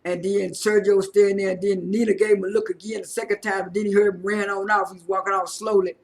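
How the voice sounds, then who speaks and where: A man casually recapping a reality show episode, halting often with fillers and repeated words as he retells who said what. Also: high voice, little pitch movement, gravelly. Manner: retells scenes by quoting people.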